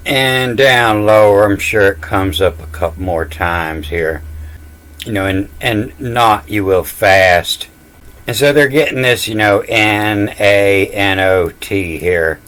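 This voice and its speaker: A man's voice: sits low, a bit bright. A man giving a casual explanatory lecture on scripture words, spelling out letters one by one in a confident, dismissive way. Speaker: self-taught scripture reader.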